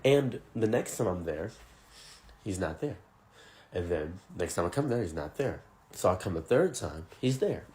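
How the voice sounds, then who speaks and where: A man's voice: low-pitched, sing-song, moderate pace, darkish tone. A man narrating a first-person story in a blunt, indignant, conversational way.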